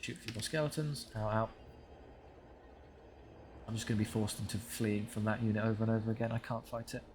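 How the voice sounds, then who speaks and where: A man's voice: lowish voice, fairly even intonation, a little fast. A young man commentating his own strategy game, talking to his units with wry frustration over a desk microphone. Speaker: gaming channel host. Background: game music.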